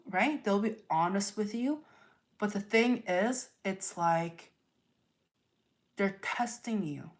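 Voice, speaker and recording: A woman giving a live tarot reading, earnest and repetitive, full of rhetorical questions. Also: mid-range voice. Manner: earnest, repeats herself, asks rhetorical questions. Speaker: tarot reader.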